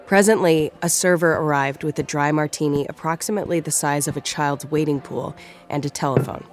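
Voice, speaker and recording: A narrator reading a story in a measured, steady manner. The pitch sits in a middle range. Light music plays faintly behind the voice. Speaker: audiobook narrator. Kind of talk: scripted narration.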